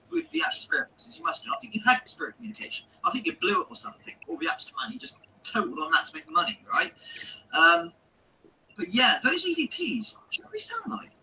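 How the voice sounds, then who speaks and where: A man's voice: very high voice, creaky, distant mic, background noise. A man delivering a heated, sweary, sarcastic ranting monologue in his own video.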